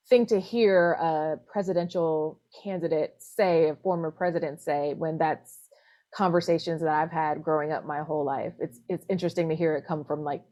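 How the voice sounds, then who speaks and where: A woman's voice: on the low side, darkish tone. An American woman reporter answering interview questions over a video call, speaking thoughtfully with many "you know"s. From United States. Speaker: newspaper reporter. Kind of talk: remote interview.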